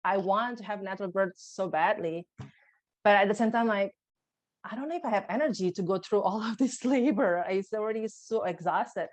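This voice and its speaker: Woman telling a raw, halting story. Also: mid-range voice. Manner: emotional, halting storytelling with restarts. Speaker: podcast guest. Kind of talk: personal birth story in conversation.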